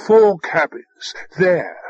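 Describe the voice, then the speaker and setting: A man playing a smooth, sardonic machine drone. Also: high-pitched, very animated, extremely slow, no echo, dull audio, full character voice. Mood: patient. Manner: smooth, patient, dryly sardonic. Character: dry-witted ship drone, a machine, unflappable. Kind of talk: audiobook character voice.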